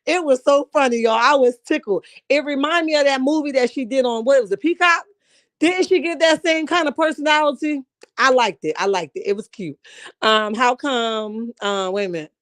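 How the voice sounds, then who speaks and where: A woman with a high voice, speaking at a moderate pace with no echo, recaps a reality show while reading her live chat. She's an animated, laughing storyteller, slangy and blunt, calling her viewers "baby," "honey," and "child."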